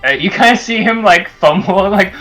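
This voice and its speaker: A man's voice: sits high, lively intonation, normal speed, a bit bright, faint music behind, rough recording. A man narrating a tabletop game as game master, describing scenes loosely with many fillers.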